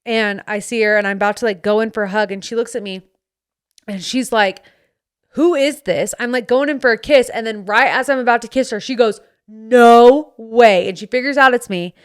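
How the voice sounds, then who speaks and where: A woman hosting a podcast, telling a story in casual chat and acting out her friends' lines in quick put-on voices, recorded close on a studio mic. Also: a little high, clear, resonant tone. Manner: animated, acts out friends' voices in quotes. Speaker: podcast host. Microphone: studio microphone.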